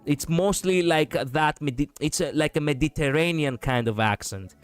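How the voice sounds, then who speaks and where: A man's voice: on the high side, moderate pace, clean tone, no echo, faint music behind. A man from Europe hosting a livestream, chatting casually, rambling and repeating himself with frequent laughs. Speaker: streamer host.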